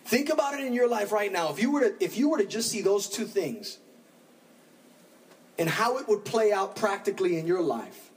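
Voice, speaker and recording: A man preaching a sermon as pastor, animated, acting out the voices of his congregation. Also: sits high, moderate pace, far from the mic, poor audio.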